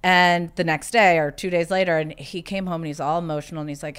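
Brief: lower-voiced woman as a chatty, animated podcast guest. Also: fast, hardly any pauses, smooth. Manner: chatty and animated, quoting others as she tells stories. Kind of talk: casual storytelling.

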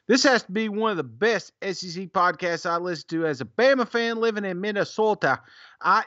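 A man co-hosts a casual podcast, reading listener reviews and laughing along. His voice is bright and high with a wide, animated swing. The recording is dry and a little dull. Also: fairly quick, no echo. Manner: jokey, laughs often, reads reviews aloud. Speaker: podcast co-host.

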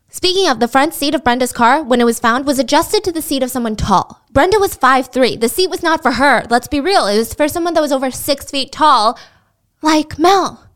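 A woman's voice: high-pitched, expressive, normal speed. A woman telling a true crime story in a casual, chatty way, with sarcastic and incredulous asides.

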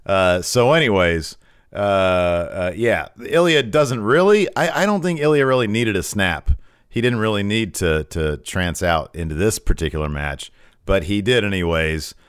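Rambling low-voiced man recapping wrestling. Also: lively intonation, unhurried, clean tone, no room sound, clean studio sound. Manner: rambling, frequent restarts and fillers. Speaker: wrestling podcast co-host. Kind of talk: casual chat, recapping matches.

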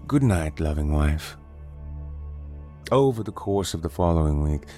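A man narrating a horror story in a steady, deliberate, dramatic way. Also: deep voice.

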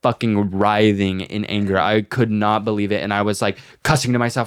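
A man's voice: lowish voice, brisk, hardly any pauses, smooth, dry recording, clean studio sound. A young man co-hosting a podcast, telling stories casually with lots of swearing. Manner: swears a lot, animated storytelling. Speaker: podcast co-host. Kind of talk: casual chat.

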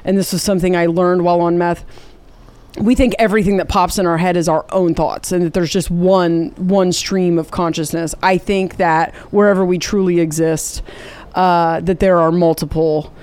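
Smooth-voiced woman explaining earnestly. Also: lowish voice, steady tone, normal speed, a little mellow. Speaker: guest, comedian. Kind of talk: casual chat.

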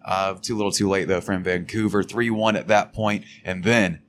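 Chatty low-voiced man recapping a match. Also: steady tone, moderate pace, a little hiss or hum. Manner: chatty, swears casually, laughs. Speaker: podcast co-host.

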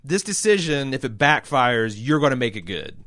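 A man's voice: mid-range voice, sing-song, moderate pace, a bit bright, no room sound, clean studio sound. A man co-hosting a podcast in casual chat, rambling and joking with plenty of swearing. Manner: loose, rambling, swears and jokes. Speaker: podcast co-host.

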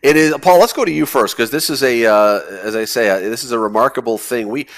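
A man's voice: mid-range voice, fairly quick. A man hosting a morning radio show, chatty and emphatic, often repeating words as he starts a thought. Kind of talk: casual radio interview.

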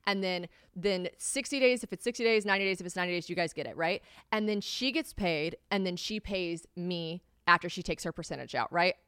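A woman's voice: lowish voice, a little fast, hardly any pauses, fairly bright tone, smooth, dry recording, studio quality. A woman hosting her own podcast, chatting candidly and cursing freely as she tells stories about her work. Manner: candid, profane, chatty storytelling. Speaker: podcast host. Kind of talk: casual solo podcast chat.

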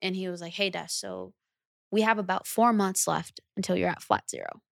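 Brief young woman, singer guest, slangy animated storyteller, dry close mic. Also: fairly low pitch, normal speed, vocal fry, no room sound. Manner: animated, slangy, acts out her own past reactions. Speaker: recording artist guest. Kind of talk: casual interview storytelling.

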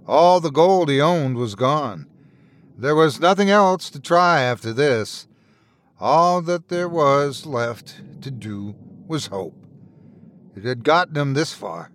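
A man narrating a dark fairy tale in an expressive, dramatic storytelling manner. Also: medium pitch, a little hiss or hum. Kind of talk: scripted horror story narration.

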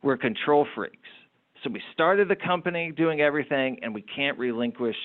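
An entrepreneur tells anecdotes in a lively, animated way, often restarting his sentences. His voice sits at a middle pitch. It comes through a thin, tinny, phone-like line. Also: moderate pace. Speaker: entrepreneur guest. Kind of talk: storytelling interview talk.

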